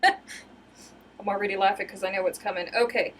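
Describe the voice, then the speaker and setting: A woman hosting a live craft stream, chatting with viewers as she unboxes, excitable and giggly, often calling out to "you guys.". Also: medium pitch, normal speed. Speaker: crochet livestream host.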